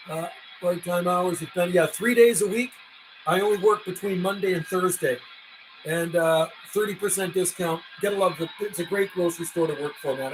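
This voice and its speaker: A man running a CB radio livestream, calling out call signs in a steady rhythm between casual chat. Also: fairly high pitch. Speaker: CB radio operator and livestream host. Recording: radio static and hiss in the background.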